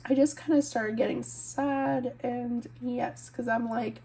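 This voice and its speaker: Rambling young woman with vocal fry. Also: on the high side, steady tone, a little slow, few pauses, a little hiss or hum. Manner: rambling, heavy use of "like" and "um", self-interrupting. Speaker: coloring channel host, stay-at-home mom. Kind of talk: casual confessional chat while coloring.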